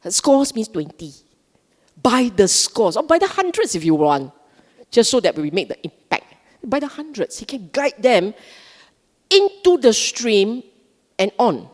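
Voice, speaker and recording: A woman's voice: on the high side, big pitch swings, unhurried, long pauses, a little mellow. A woman giving a live Buddhist Dhamma talk, emphatic and questioning, often repeating words for stress. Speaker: Buddhist dharma speaker. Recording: long hall reverb.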